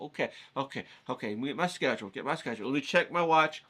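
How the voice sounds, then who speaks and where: A man telling a casual, rambling story, animated and acting out the voices of the people in it. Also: a little high, quick pace, few pauses, breathy edge. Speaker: painting vlogger.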